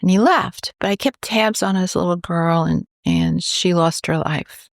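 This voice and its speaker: Woman from new york telling a story, low gravelly voice, dry close mic, does all the voices. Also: unhurried, dry recording. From New York, USA. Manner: animated, acts out quoted dialogue. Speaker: cancer researcher, guest. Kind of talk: storytelling in a podcast interview.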